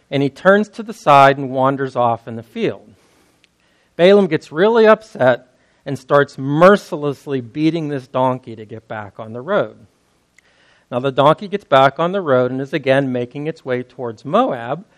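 A man preaching, retelling a story in a casual, conversational way. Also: mid-range voice. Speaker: pastor. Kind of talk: sermon storytelling.

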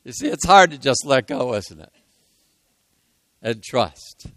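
A man preaching a sermon, repeating key lines for emphasis and moving between hushed and loud passages. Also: medium pitch, big pitch swings, takes it slowly, no room sound. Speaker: pastor.

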